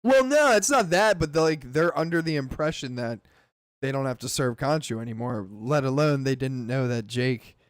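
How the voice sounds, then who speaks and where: A man's voice: medium pitch, lively intonation, moderate pace, no echo, studio quality. A man co-hosting a casual podcast, who laughs a lot, swears freely and breaks into joke voices. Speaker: podcast co-host. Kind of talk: casual chat.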